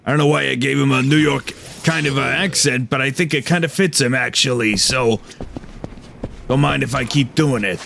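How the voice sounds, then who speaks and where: A man's voice: medium pitch, normal speed, creaky, a bit bright, slight background noise. A man streaming a video game and chatting casually in a rambling, playful way.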